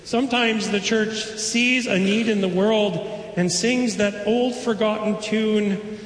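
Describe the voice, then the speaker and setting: A pastor preaching a sermon, conversational, with playful asides to the congregation. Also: male voice, high-pitched, steady tone, slow. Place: church sanctuary. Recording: echoey sanctuary, long reverb.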